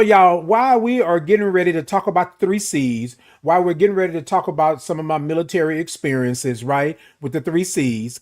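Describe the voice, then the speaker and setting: A middle-aged man hosting a casual morning live stream, greeting viewers, reading their comments and stretching out words playfully. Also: on the high side.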